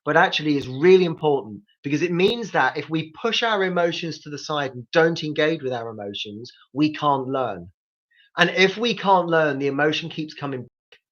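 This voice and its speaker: A man's voice: fairly high pitch, a bit bright, lo-fi sound. A man hosting a live grief support talk, coaching listeners directly with practical tips. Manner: coaching, speaks straight to listeners.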